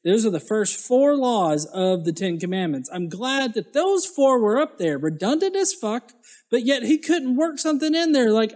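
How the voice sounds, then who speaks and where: A man's voice: extremely high pitch, big pitch swings, moderate pace, darkish tone. A young man hosting a commentary video, mocking and sarcastic, swearing heavily. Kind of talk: profane reaction commentary.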